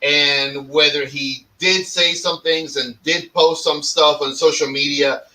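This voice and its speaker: Blunt bright-voiced man talking cigars. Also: fairly high pitch, fairly even intonation, unhurried, distant mic, rough recording. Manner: blunt, profane, repeats words when starting. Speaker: cigar podcast host. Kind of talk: casual opinion chat.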